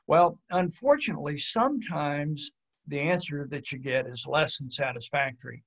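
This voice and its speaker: A man with a slightly higher-than-average voice gives a webinar presentation as a pilot examiner. He explains things in a steady, measured way, often pausing on fillers and small restarts. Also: creaky.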